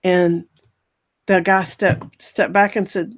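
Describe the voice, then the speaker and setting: A woman podcast host in casual storytelling, animated and acting out the voices of the people she describes. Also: fairly low pitch, slow.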